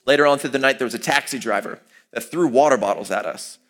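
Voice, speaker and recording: Animated young man telling a story. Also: fast. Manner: animated, with sudden jumps in pitch and volume. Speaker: student speaker sharing a personal story. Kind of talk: storytelling talk.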